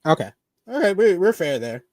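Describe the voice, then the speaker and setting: A man co-hosting a casual wrestling review chat, animated and laughing as he tells stories. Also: sits high, normal speed, dry recording, studio quality. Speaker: co-host of wrestling review show.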